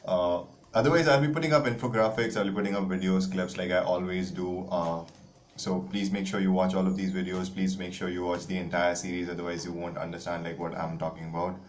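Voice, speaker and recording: A man's voice: low-pitched, flat delivery, fairly quick, a little hiss or hum. A young man, teaching a literature lesson in a rambling, casual way full of "like" and "uh". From India. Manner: chatty, rambling, frequent "like" and "uh" fillers. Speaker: English teacher.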